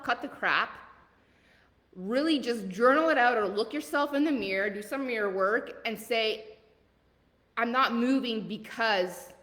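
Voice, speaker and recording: Woman, Southern accent, leadership coach, blunt and energetic, live call, long hall reverb. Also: fairly high pitch. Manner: energetic, blunt, motivational, asks questions and answers them.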